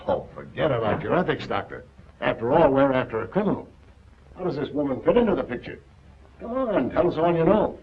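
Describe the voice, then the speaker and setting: A man's voice: medium pitch, sing-song, fairly quick. An actor in a 1940s film playing an impatient, blustery male newspaper editor who talks in a brusque, dismissive way, on a dull lo-fi old soundtrack.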